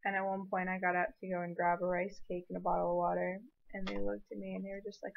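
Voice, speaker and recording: A woman's voice: mid-range voice, flat delivery, fast talker, creaky, hardly any pauses, phone-quality sound. A young woman in a personal vlog, telling an emotional story in an earnest, rambling way. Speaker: vlogger.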